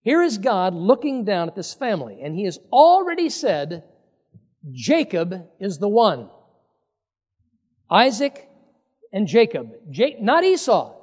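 In a long, echoing hall, a male pastor reads and explains scripture to his congregation in plain language at a moderate pace. His high, very lively voice swoops up and down, and he animatedly changes his voice to act out the people quoted in the passage.

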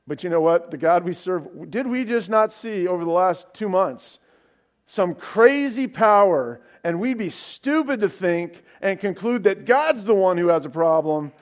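High-voiced man preaching a sermon. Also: expressive, unhurried. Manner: storytelling preacher, casual asides and rhetorical questions. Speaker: pastor.

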